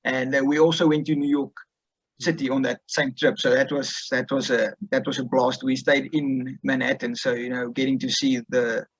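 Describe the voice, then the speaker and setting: A man's voice: mid-range voice, level tone, moderate pace, slightly rough, no room sound, muffled recording. A young man in his twenties from South Africa, with a South African accent, speaking casually in an interview with many fillers and restarts. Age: 20s. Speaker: guest, student rugby player.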